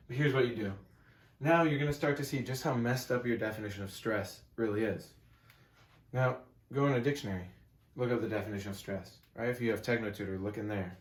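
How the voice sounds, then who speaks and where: In an echoey room, a medium-pitched man works as a self-help coach, teaching to camera beside a whiteboard. His delivery is casual, conversational and emphatic, and he keeps checking in with whoever is listening.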